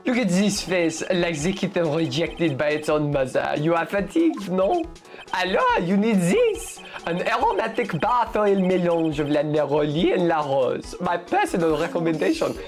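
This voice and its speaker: Reading a video game's lines, a woman with a fairly low voice plays a flamboyant male restaurant owner in a put-on French accent. She's very animated, theatrical and flirty, stretching her vowels, with faint music in the background.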